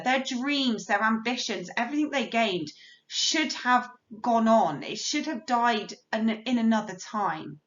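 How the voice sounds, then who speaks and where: An English teacher explains a play in a recorded lesson, her voice somewhat high and fairly bright, with lively intonation and a slightly slow pace. She reads quotations aloud and talks through their meaning in plain, explanatory language. The sound is roomy and dull, lo-fi.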